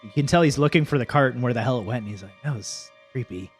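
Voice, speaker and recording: A man running a tabletop fantasy game as game master, narrating scenes slowly and in a hushed, storytelling tone. His voice is middling in pitch, with soft music faintly under it.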